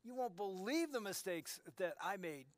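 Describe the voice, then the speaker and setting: A man in his sixties sharing a conversational sermon as a pastor, earnest and dropping to soft emphasis. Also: sits high, lively intonation, normal speed, no echo.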